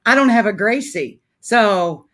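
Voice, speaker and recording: A woman's voice: mid-range voice, lively intonation, a little slow, fairly bright tone. A woman hosting a casual interview over a video call, talking in an effusive way and laughing easily. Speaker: interview host.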